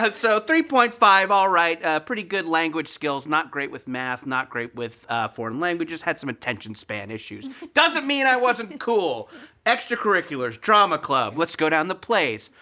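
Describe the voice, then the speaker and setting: A man's voice: a little high, big pitch swings, normal speed, pushed and bright. A male host in casual chat, self-mocking and jokey, laughing often.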